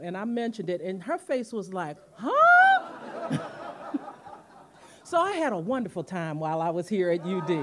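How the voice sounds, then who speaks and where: A woman in her fifties gives a commemorative speech in a university auditorium at a podium mic, telling stories and acting out the quotes. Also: medium pitch. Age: 50s. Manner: animated storytelling, acting out quotes. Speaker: guest speaker, museum president.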